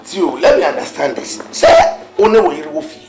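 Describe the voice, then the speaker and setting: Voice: medium pitch, quick pace, close to an everyday voice. An actor playing a pastor who reasons with a quarrelling couple, mixing Twi and English in a film drama. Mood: reasoning. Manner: persuasive, reasoning, lively intonation. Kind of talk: Ghanaian film drama dialogue. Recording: echoey room with faint music.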